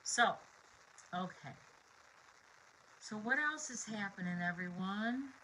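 A woman's voice: mid-range voice, animated, takes it slowly, pushed and bright, a little hiss or hum, poor audio. A middle-aged woman hosting a card-making live stream from her home craft room, chatting with viewers in a bubbly, rambling way with many fillers.

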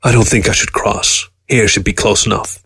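Man as a tired old man, quiet, close to his own voice, dry read. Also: lowish voice, fairly even intonation, normal speed, vocal fry, husky, no room sound, full character voice. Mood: subdued.

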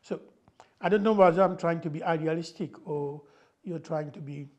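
An older man from Mauritius speaks as an interview guest. He talks in a fairly high voice for a man, emphatic and explanatory, and keeps tossing in "you know". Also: normal speed, darkish tone. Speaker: guest, former finance minister.

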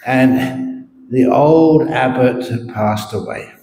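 A Buddhist monk tells stories during a morning dharma talk, and he speaks slowly in a warm, mellow voice. He is a playful and animated storyteller. The recording rings in an echoey meditation hall, with faint room ambience behind him. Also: mid-range voice.

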